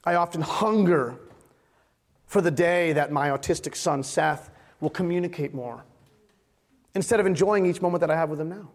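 A man's voice: fairly high pitch, moderate pace, long pauses. A man in his thirties preaching a sermon as a pastor, casual and joking with his congregation.

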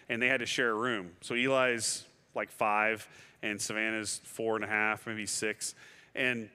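Middle-aged pastor preaching, animated storyteller, bright voice, mid pitch. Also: male voice. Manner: animated storyteller, acts out his own past words. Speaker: guest pastor. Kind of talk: sermon with personal stories. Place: church sanctuary. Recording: long hall reverb.

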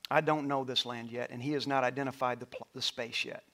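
A middle-aged male pastor preaching a sermon in a church, rising to loud passionate peaks and dropping to a soft storytelling voice. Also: mid-range voice, fairly even intonation, brisk. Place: church auditorium with stage lights.

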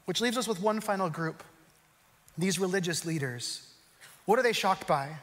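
A man preaching a sermon as pastor, moving between quick, loud storytelling and slow, hushed emphasis. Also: high-pitched, animated, big-room sound.

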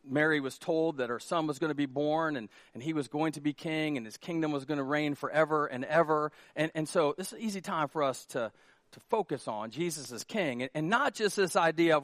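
A man preaching a sermon as pastor, animated and jokey, with lots of repeated starts. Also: on the high side, dry recording, studio quality.

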